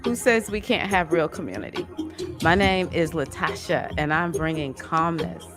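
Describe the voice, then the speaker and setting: A woman hosting a live online women's circle, reading out chat comments in a soft, affectionate, unhurried way. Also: low-pitched, lively intonation. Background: music playing.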